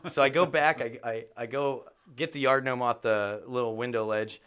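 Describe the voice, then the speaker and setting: A middle-aged man chatting as a podcast guest, an animated storyteller who swears for emphasis and jumps up in pitch when excited. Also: moderate pace, smooth. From Chicago area. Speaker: podcast guest, real estate agent. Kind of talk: casual chat.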